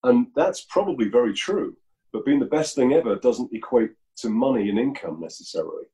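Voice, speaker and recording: A man being interviewed as a musician over a video call, explaining his views in a reflective, measured way. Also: mid-range voice, lively intonation, mellow, poor audio. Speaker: musician guest.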